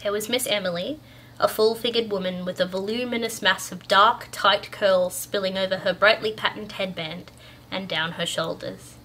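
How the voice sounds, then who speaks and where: A woman's voice: medium pitch, fairly even intonation, moderate pace, pushed and bright, a little hiss or hum. A young Australian woman chatting casually with her viewers and reading a story aloud. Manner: chatty, upbeat, with fillers. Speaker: storyteller and channel host. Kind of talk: casual chat, then read story narration.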